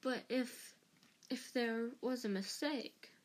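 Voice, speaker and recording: A woman's voice: a little high, slow pace. A woman voicing an anxious teenage schoolgirl in an audiobook reading, breathless and hesitant. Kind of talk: audiobook character voice.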